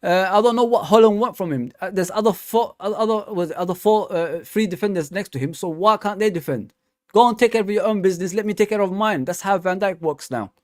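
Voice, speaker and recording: A fired-up man talks on a fan channel stream. His voice sits fairly high for a man and sounds close and dry, with no room around it. He rants, circles back to the same point and punctuates everything with "man". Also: a little fast, no echo. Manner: ranting, repeats "man" and "come on". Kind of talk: casual live-stream football talk.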